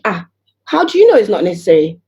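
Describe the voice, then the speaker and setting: A woman talks as a podcast guest in a quick, lively patter. Her voice is mellow and warm. She keeps firing rhetorical questions and slips into the voices of the people in her stories. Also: medium pitch. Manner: animated, rhetorical questions, acts out voices of others. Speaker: guest entrepreneur. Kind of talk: casual podcast conversation.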